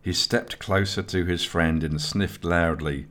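Deep-voiced, slow male audiobook narrator. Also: fairly even intonation, a bit bright.

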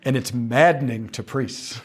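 A man giving a casual, conversational talk on faith, animated, with jokey asides. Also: mid-range voice, unhurried, slightly rough.

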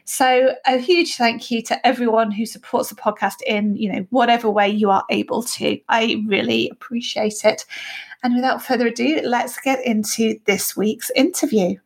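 An earnest woman hosts a podcast and thanks her listeners with easy laughter. Her voice sits a little high. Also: fairly even intonation, normal speed, vocal fry, slightly rough. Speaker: podcast host. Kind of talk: podcast appeal and interview.

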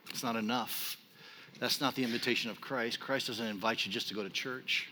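A man's voice: mid-range voice, moderate pace, long pauses, a little hiss or hum. Man preaching in a reverberant hall. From Texas. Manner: storytelling, animated and self-deprecating. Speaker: pastor. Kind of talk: sermon. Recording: long reverb of a large hall.

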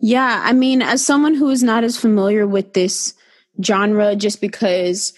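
A woman co-hosting a podcast in casual chat, excitable and slangy. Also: mid-range voice, measured pace. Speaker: podcast co-host.

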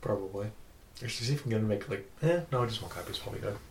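A man's voice: lowish voice, rapid-fire, roomy sound, noisy background. A man playing in a tabletop game, talking in a casual, thoughtful way. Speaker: player.

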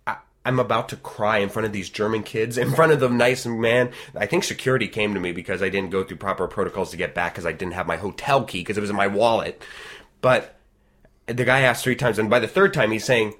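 Animated man rambling through a story. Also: fairly low pitch, fairly quick. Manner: animated, rambling, frequent restarts, acts out quoted dialogue. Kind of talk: casual storytelling chat.

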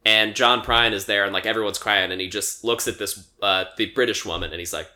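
A young man casually recapping a movie on a podcast, rambling with lots of fillers and quick acted-out quotes. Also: on the low side, steady tone, pushed and bright. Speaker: podcast co-host.

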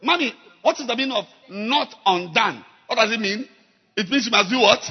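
A male pastor preaching a sermon, shouting and exhorting the congregation with a husky voice. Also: high voice, expressive, brisk, lo-fi sound. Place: church service. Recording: echoey church hall, crowd faint.

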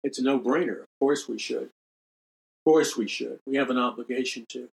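A man's voice: medium pitch, steady tone, moderate pace, gravelly, rough recording. An older man hosting a religious talk radio show, speaking emphatically, repeating key phrases and making earnest appeals to listeners. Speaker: radio show host and minister.

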